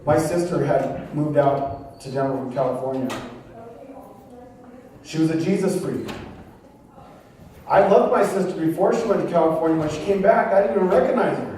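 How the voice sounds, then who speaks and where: A man's voice: on the high side, normal speed, long pauses, dark tone, slight background noise. Man preaching a testimony in an echoey church. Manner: storytelling with acted-out voices and street slang. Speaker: guest pastor. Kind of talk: testimony sermon. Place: church sanctuary. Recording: echoey room from a far mic with faint ambience.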